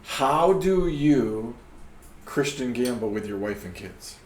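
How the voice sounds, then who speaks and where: A man hosting a faith podcast speaks at a middle pitch, preaching his points and checking in with the listener with quick tag questions. His voice sits in a roomy, echoey space. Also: expressive. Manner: preachy, peppers talk with "right?". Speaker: podcast host.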